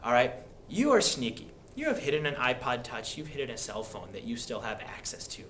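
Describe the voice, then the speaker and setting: A young man teaching history in a casual, animated way, acting out quoted people with sudden voice changes. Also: mid-range voice, fairly quick, a little hiss or hum. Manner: animated, acts out quoted speakers. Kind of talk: classroom history lecture.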